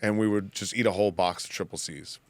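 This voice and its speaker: A man's voice: on the low side, fairly even intonation, fast talker, no echo. A man casually telling a loose, profane story on a podcast. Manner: loose, profane, laughing asides.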